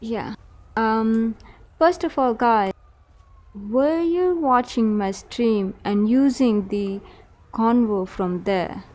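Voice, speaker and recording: A woman's voice: a little high, takes it slowly. A woman game server admin in casual voice chat, questioning players and insisting on being heard. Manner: questioning, insistent, tries to calm things.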